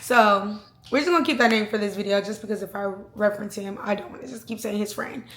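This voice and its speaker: A woman vlogger telling a personal story in a casual, slangy, animated way. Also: mid-range voice, fast talker, roomy sound. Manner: chatty, slangy, animated retelling.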